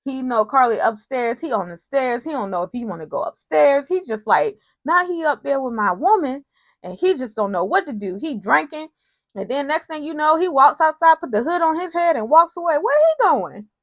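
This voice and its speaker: A woman's voice: sits high, very animated, moderate pace, no echo. A woman casually recapping a TV soap episode, retelling scenes with quoted lines and personal asides.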